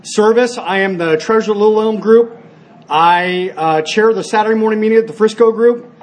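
Man, high-pitched, earnest speaker at a recovery meeting; animated storyteller who restarts often. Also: moderate pace. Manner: storytelling, animated when acting out scenes. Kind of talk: personal share with told stories.

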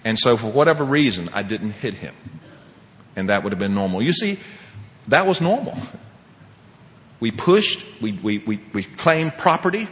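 A man sharing his personal recovery story as a speaker at a meeting, animated and laughing often, swinging between loud and hushed. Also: fairly low pitch, moderate pace, big-room sound.

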